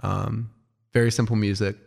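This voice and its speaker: Male co-host, fry in the voice, casual music chat, keen but halting. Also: on the low side, little pitch movement, a little mellow. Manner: enthusiastic but halting, with many ums. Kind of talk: casual album review chat.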